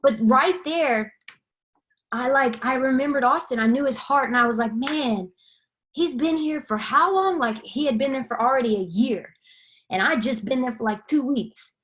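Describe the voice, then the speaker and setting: A woman's voice: high-pitched, moderate pace, fairly bright tone, slight background noise. A young woman, giving a candid personal testimony and acting out quoted dialogue as she tells it. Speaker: guest sharing her testimony.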